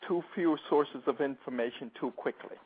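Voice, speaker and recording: Husky host on a tinny phone line. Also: male voice, mid-range voice, normal speed. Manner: brief acknowledgements, reads list items. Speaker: interview host. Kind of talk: interview host reading questions.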